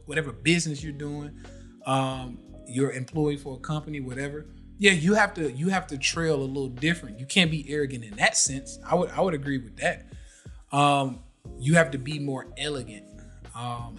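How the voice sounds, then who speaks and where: A man hosting a live podcast, talking casually and animatedly, repeating himself to drive points home. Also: fairly high pitch. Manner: animated, preachy, repeats phrases. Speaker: podcast host.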